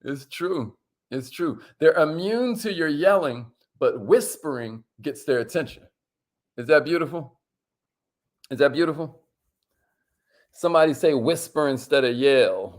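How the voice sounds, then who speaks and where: A man hosting a casual livestream, lively and slangy, calling out to viewers and sometimes dropping his voice low to make a point. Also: normal speed. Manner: lively, hypes up viewers and reads their comments; drops to a near whisper to make a point. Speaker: host.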